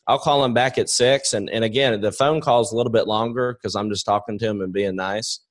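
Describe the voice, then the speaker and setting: A man's voice: medium pitch, steady tone, a little fast. A young man coaching a sales team on a webinar. He talks in a direct way, repeats his points and acts out both sides of phone calls. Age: young adult.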